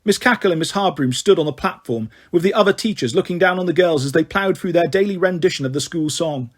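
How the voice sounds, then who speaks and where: A man reading a children's story aloud in a steady, friendly way. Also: high voice, fast.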